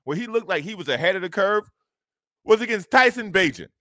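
A man co-hosting a sports talk show, ranting and mocking in loose slang with loud outbursts. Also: high-pitched, expressive, a little fast, dry recording, clean studio sound.

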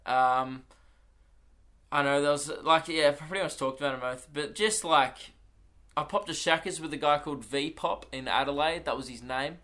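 A man's voice: fairly high pitch, moderate pace, sharp tone. A young Australian man, a comedian, chatting casually on his solo podcast and telling rambling, swearing anecdotes in an Australian accent.

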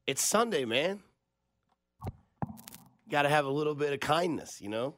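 A man's voice: a little high, expressive, normal speed, a bit bright, no echo. A man hosting a sports radio show, casual and jokey, on a close studio mic. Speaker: radio host.

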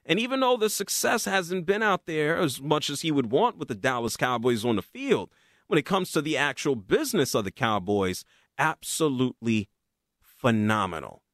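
A man hosting a sports commentary show, ranting with sarcasm in an animated way. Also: mid-range voice, moderate pace, dry recording, clean studio sound.

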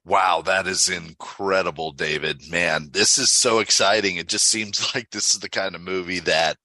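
A man's voice: sits low, steady tone, moderate pace, sharp tone, no echo. A man hosting a faith-based radio interview, encouraging his guest with frequent affirmations. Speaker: radio host.

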